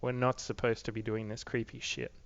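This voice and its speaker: A man's voice: mid-range voice, level tone, fairly quick, smooth. A young man rambling to camera in a casual video diary, swearing a lot and filling his talk with "like", recorded close on a dull lo-fi camera mic. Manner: rambling, profane, many "like" fillers. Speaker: vlogger.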